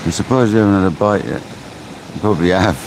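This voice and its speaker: Low-voiced man chatting live from the shore. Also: fast. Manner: chatty, laid-back, laughs often, calls viewers mate. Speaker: fishing live-streamer. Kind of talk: casual live-stream chat with viewers. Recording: outdoor mic with loud surf noise. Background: ocean waves.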